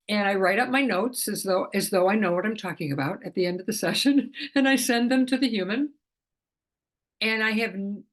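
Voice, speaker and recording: A middle-aged woman, an animal communicator, explaining her work in a casual talk to camera, chatty with frequent restarts and soft laughs. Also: medium pitch.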